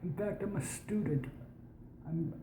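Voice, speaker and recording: Here a young adult from the US puts on a plummy British voice to host a science program. The medium-pitched delivery is a meandering, casual monologue full of restarts, drawn-out words and whispered asides, recorded in an echoey space with background noise.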